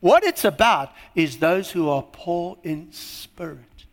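Male pastor, preaching sermon, high voice, hall reverb. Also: slow pace. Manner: lively preaching with sudden drops to a hush.

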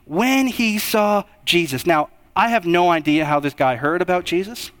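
A young man preaching a sermon, with a delivery that moves between hushed, slow passages and raised, emphatic ones. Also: high-pitched.

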